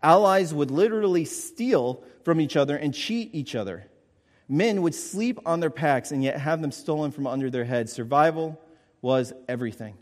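A man's voice: a little high, lively intonation, moderate pace, long reverb tail. A man preaching a sermon, emphatic, repeating his points and checking in with the congregation. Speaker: pastor.

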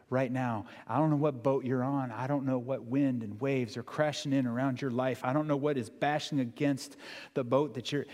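A man preaching a sermon in a church, talking in an animated, conversational way with dramatic emphasis. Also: mid-range voice. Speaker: pastor. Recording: long hall reverb.

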